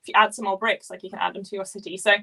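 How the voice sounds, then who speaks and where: Dutch-accented woman hosting a casual live stream on her phone, mid-pitched and talkative. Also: flat delivery, very fast, creaky, a bit bright. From Netherlands. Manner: chatty, laughs often, many fillers. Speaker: LEGO streamer host.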